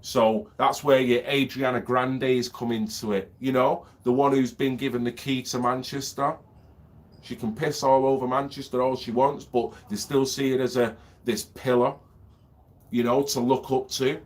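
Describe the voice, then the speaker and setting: A man's voice: mid-range voice, little pitch movement, moderate pace. A man, a vlogger with a lingering cough, rambling and ranting, swearing freely and asking if you know what he means. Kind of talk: rambling monologue.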